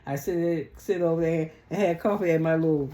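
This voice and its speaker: A woman's voice: deep voice, brisk, dark tone. Sassy, profane woman recapping. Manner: blunt, sassy, profane storytelling. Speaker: reality TV recap commentator. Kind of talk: casual profane recap chat. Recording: echoey room.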